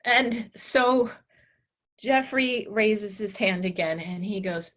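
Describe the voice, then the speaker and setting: A woman teacher telling a class story in an animated, blunt and candid way. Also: medium pitch, slow pace. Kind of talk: storytelling lecture.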